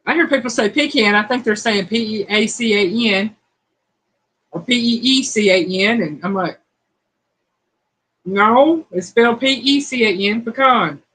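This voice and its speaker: A woman's voice: fairly high pitch, normal speed, fairly bright tone, breathy edge, low-quality recording. A middle-aged woman, hosting a casual live-stream chat and reading quiz questions in a folksy, playful way. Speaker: host of a cooking channel's live chat.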